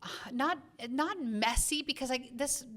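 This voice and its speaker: A woman's voice: high-pitched, a little slow, a bit bright. A woman with a subtle Southern US accent, co-hosting a casual film review podcast and thinking aloud with many fillers and restarts. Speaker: podcast co-host.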